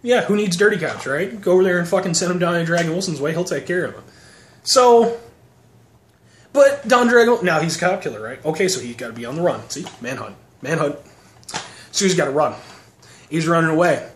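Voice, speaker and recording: A man's voice: a little high, expressive, a little fast. A man sarcastically recapping action movies in a casual, profane, rambling way. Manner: sarcastic, profane, mocking voices. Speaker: movie reviewer. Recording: echoey room, faint noise.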